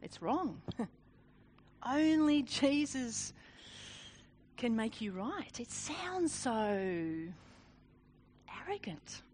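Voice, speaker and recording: A woman gives a sermon built around a personal story. Her voice sits high and moves all over the place as she talks. She is animated, pokes fun at herself and laughs easily. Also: extremely slow, pauses often, a little hiss or hum. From Australia. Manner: animated, self-deprecating, laughs often. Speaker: speaker.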